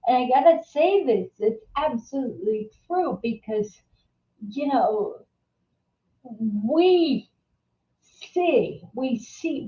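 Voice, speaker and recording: A woman hosting a live-stream chat, speaking slowly and haltingly with a somewhat high voice. She keeps restarting her sentences and repeating words. She sits at a distance from the mic in a roomy, echoing space, and the sound is dull. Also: slight background noise. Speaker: host.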